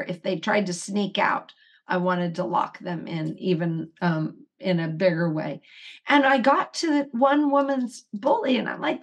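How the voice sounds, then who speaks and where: A middle-aged woman with a husky, slightly breathy voice, telling stories as a guest in a relaxed interview. She acts out what people said with animated little voices. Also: mid-range voice. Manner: animated storytelling, acts out quotes. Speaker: guest, retreat coach. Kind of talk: casual interview chat.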